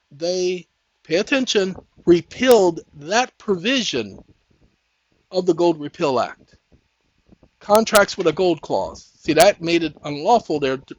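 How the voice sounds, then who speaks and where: A man hosting his own channel, lecturing viewers in a preachy, insistent way that turns loud and heated. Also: high-pitched, slight background noise, rough recording. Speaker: host. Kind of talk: impassioned legal lecture to viewers.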